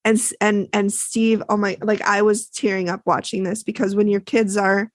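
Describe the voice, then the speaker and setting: A woman's voice: mid-range voice, level tone, moderate pace, dry recording. A woman co-hosting a podcast, casually recapping a TV episode and acting out the lines people said. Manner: chatty, retells scenes with quoted lines.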